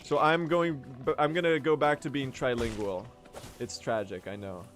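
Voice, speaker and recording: A man's voice: medium pitch, fairly even intonation, moderate pace, a bit bright, faint music behind. A young man chatting casually on a speedrun stream, self-mocking and laughing often. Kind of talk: casual live-stream chat.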